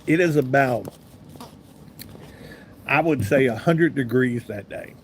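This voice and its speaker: Man, 50s, talk host, casual anecdotal storyteller, middle pitch, faint background hiss. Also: takes it slowly. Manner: chatty, rambling anecdotal delivery with asides to viewers. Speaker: radio talk show host. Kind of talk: casual live-stream storytelling, reading chat comments.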